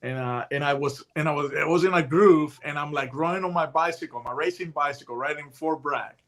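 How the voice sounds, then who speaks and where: High-voiced, bright older male storyteller. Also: a little fast. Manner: animated storyteller who acts out voices in his tales. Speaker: guest, retired hostage negotiator. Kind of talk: casual anecdotal storytelling.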